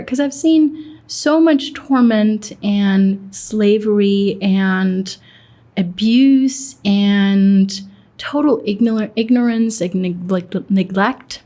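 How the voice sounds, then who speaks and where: A woman's voice: mid-range voice, takes it slowly, mellow. A young woman from Pakistan, a guest in an interview, telling a personal story in a reflective way and quoting her own thoughts.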